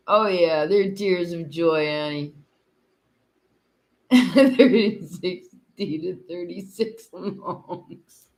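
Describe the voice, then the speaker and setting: Woman on a livestream, crude jokes, keeps cracking up, talks real slow. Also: fairly low pitch, darkish tone. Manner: bawdy, laughs often. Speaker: livestream host. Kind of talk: casual chat with viewers.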